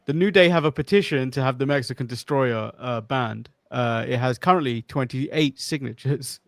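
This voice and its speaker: A man's voice: mid-range voice, moderate pace, dry recording. English man recapping, dry close sound. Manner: recaps news, argues points. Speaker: podcast co-host. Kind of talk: casual wrestling review chat.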